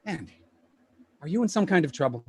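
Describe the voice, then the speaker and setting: An actor playing a pushy, fast-talking male Hollywood agent in a live play reading over a video call, with rapid, stammering sales patter. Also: a little high, animated, a crowd in the background, lightly acted. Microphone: home computer mic on a video call.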